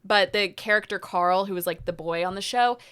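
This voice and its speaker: A woman's voice: medium pitch, a little fast, fairly bright tone, clear, resonant tone. A woman from the American Midwest, co-hosting a podcast in casual, rambling conversation. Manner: conversational, trails off mid-thought. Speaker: podcast co-host. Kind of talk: casual chat.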